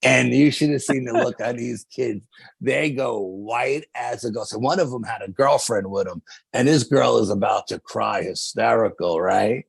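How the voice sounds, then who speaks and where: Gravelly-voiced man spinning a story. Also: medium pitch, moderate pace, no echo. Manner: lively anecdotal storyteller with slangy fillers. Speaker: podcast guest, paranormal investigator. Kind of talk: casual storytelling chat.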